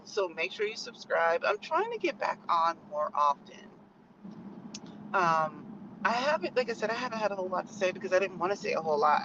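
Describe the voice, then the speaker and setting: A woman's voice: medium pitch, lo-fi sound, noisy background. An American woman vlogging in casual, opinionated chat, rambling with lots of "like" fillers. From United States.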